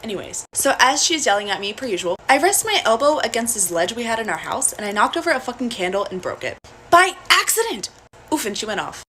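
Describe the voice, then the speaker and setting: A young woman telling a personal story in a casual, blunt and profane way, animated throughout. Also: fairly high pitch, fast talker, few pauses, slight background noise.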